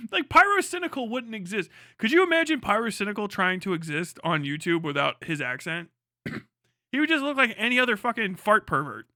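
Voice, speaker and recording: A man's voice: high voice, big pitch swings, a little fast, bright, forceful tone, no room sound, clean studio sound. A man streaming live, chatting casually with his audience in a rambling, profane way. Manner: rambling, profane, laughing asides.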